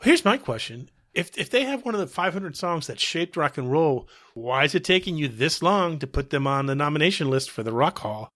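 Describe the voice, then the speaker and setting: A man's voice: on the high side, sing-song, a little fast, hardly any pauses, fairly bright tone, dry recording. Podcast co-host: man, slightly wheezy, bantering, dry close sound. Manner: playful, joking banter. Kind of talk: casual chat.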